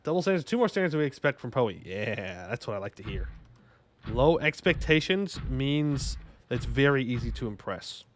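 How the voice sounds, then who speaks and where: Young guy rambling and joking with chat while he plays, mid-pitched voice, faint hiss behind. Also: lively intonation, moderate pace. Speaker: streamer. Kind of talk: casual gaming livestream commentary.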